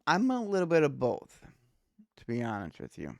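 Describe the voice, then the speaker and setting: A man's voice: medium pitch, huge pitch swings, normal speed, vocal fry, no room sound, studio quality. A man hosting a reaction video, talking casually and rambling, often correcting himself mid-sentence. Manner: rambling, self-correcting, laid-back.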